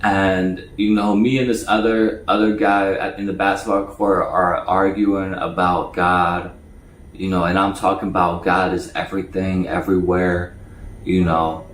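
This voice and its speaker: A man's voice: deep voice, little pitch movement, measured pace, reverberant, a little hiss or hum, rough recording. A man telling a personal story in a casual way, often stuttering and repeating his words. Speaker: storyteller recounting jail time.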